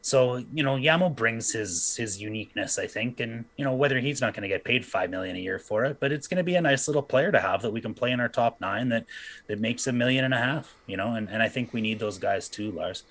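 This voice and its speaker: Male podcast host, mid pitch, easygoing and guiding the chat. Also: expressive, fast, fairly bright tone. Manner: chatty, agreeable, steering the talk.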